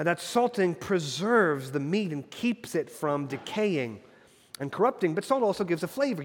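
Preaching man in a reverberant hall. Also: fairly high pitch. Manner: earnest preaching, emphatic repetitions, conversational asides with fillers. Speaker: pastor. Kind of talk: sermon.

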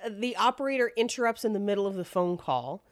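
A woman's voice: medium pitch, animated, fast, dry recording, clean studio sound. A woman hosting a podcast, casually telling a true-crime story in a chatty way and laughing often. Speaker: podcast host.

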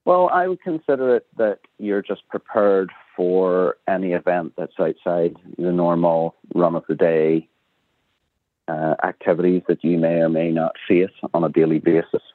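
Belfast man, low voice, phoned-in radio guest, tinny line, matter-of-fact delivery. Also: normal speed, no echo. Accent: Northern Irish, Belfast. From Northern Ireland. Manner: plainspoken, matter-of-fact explaining. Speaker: interview guest. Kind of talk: talk radio interview by phone. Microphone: telephone.

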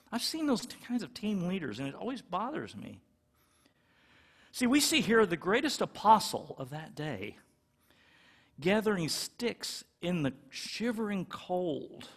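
Middle-aged guy preaching, kinda high voice, chatty, does little voices for the people in his stories. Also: sing-song, normal speed, a bit bright, breathy edge. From California. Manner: conversational, acts out little quoted exchanges. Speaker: pastor. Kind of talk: sermon.

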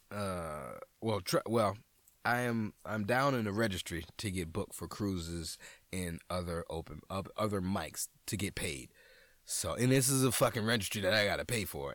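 A man hosting a podcast as a comedian, in a casual, profane monologue that jumps into high, excited outbursts. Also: dry recording.

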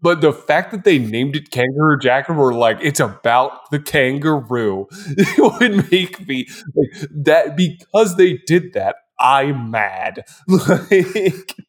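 A man's voice: on the high side, slow pace, few pauses. A man co-hosting a casual movie-review podcast, ranting in an exasperated way and breaking into laughter. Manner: animated, laughing, exasperated rants. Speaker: podcast co-host.

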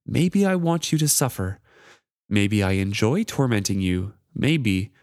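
A man's voice: lowish voice, very animated, measured pace, a little mellow, dry recording, clean studio sound. A man voicing a cruel, mocking wooden charm that taunts a pirate captain, in a raised, sneering voice. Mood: savoring.

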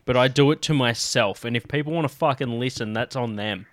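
A man's voice: medium pitch, brisk, no room sound. Aussie guy on a podcast, cusses a lot, laughs through his stories, dead dry mic. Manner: swears a lot, laughs while telling stories. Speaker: podcast co-host. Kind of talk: casual chat.

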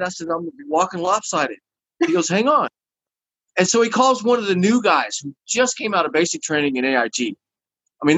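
A man's voice: fairly high pitch, dry recording, low-quality recording. A man telling a long story in casual chat and acting out the people in it. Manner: animated, acts out the people in his story.

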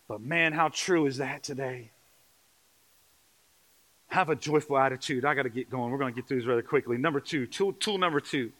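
A man preaching a sermon in church, joking with the congregation and building to loud, rising calls. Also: medium pitch, brisk. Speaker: pastor. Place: church sanctuary.

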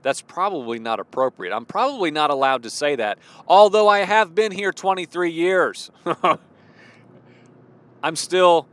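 A Christian vlogger from Illinois, a man in his forties with a slight Midwestern accent, gives a relaxed devotional talk while driving his car. His voice is a little higher than most men's, and he's chatty and expressive, often restarting sentences and chuckling along the way.

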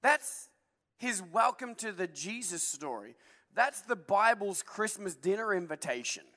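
A male pastor preaching a humorous, energetic sermon and quizzing the congregation. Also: high-pitched, measured pace. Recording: echoey hall reverb.

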